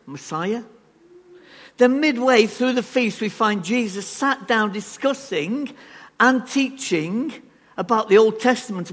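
A man preaching a sermon in a church, animated and emphatic, asking rhetorical questions. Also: sits high. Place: church hall. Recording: reverberant church hall.

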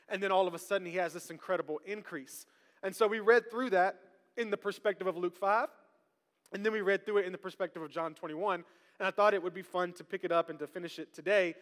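A man preaching a sermon as pastor, lively and drawing the congregation into call-and-response. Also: high voice. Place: church sanctuary. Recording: long reverb of a large church hall.

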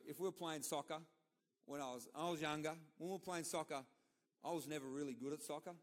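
A middle-aged man with an Australian accent delivering a sermon, telling personal stories in a conversational way with repeated, emphatic asides. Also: fairly high pitch. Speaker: pastor.

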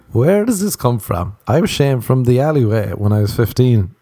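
A man's voice: mid-range voice, sing-song, unhurried, pauses often, dark tone, no room sound. A man hosting a comedy podcast, ranting in a profane, sarcastic monologue into a close mic. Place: Los Angeles home recording.

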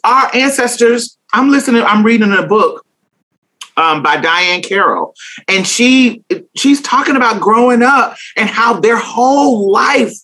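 A woman's voice: on the high side, expressive, unhurried, a bit bright. A young woman talking candidly in an interview, blunt and emphatic, swearing freely and laughing often. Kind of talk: candid casual conversation.

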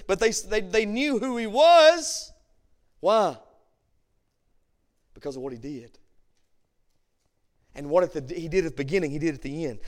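High-voiced preaching pastor. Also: male voice. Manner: preaching with sudden swings from hushed to loud; reads King James scripture aloud. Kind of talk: sermon. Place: church sanctuary.

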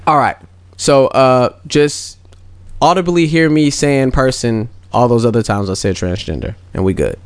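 Male podcast co-host, mid-range voice, relaxed slangy talker who pushes back, dry sound. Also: mid-range voice, measured pace, smooth, no room sound. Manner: laid-back, questioning, slangy. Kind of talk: casual chat.

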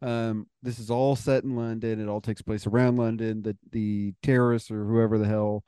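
A man's voice: fairly low pitch, level tone, normal speed, warm tone, clean tone, no room sound. A man casually riffing on a silly movie idea, laughing often and rambling loosely. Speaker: podcast co-host. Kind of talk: casual comedic brainstorming.

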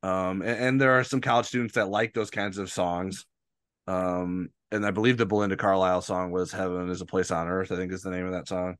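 A man hosting a sports talk show, chatty and hesitant, quick to laugh at himself. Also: low voice, level tone, a bit bright, clean tone, no room sound, studio quality. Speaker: podcast host.

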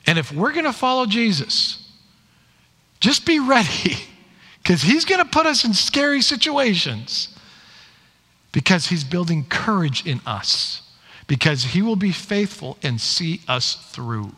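A man preaching a sermon, telling stories in an animated way and acting out the quoted lines. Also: high-pitched, unhurried, slightly rough. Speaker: pastor. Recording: long hall reverb.

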